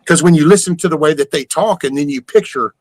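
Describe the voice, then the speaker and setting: A man's voice: fairly high pitch, fast talker, no room sound, poor audio. Profane older man ranting. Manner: rambling, profane, exasperated rhetorical questions. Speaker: livestream host. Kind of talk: casual ranting chat.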